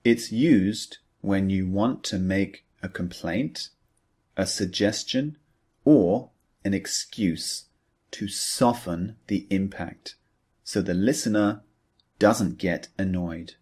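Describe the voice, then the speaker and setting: A male English teacher with a lowish voice, giving a scripted lesson. He talks slowly and patiently and checks in with the listener through questions as he goes. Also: darkish tone, husky. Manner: measured, patient explaining with rhetorical questions.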